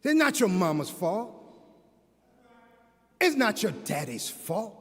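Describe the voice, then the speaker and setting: Man, minister, impassioned sermon, unhurried delivery, long hall reverb. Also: high-pitched, sing-song. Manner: impassioned preaching, rising to shouts.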